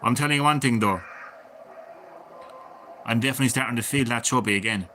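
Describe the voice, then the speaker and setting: A man in his thirties, chatting casually and swearing a lot as a gaming streamer, drifting between loud remarks and mumbled asides. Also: medium pitch, fairly quick, noisy background. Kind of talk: casual rambling commentary.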